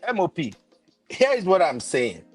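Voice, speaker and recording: Lively high-voiced man arguing. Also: moderate pace, over loud music. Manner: blunt, keeps interrupting with the host's name. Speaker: panelist. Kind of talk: heated panel debate.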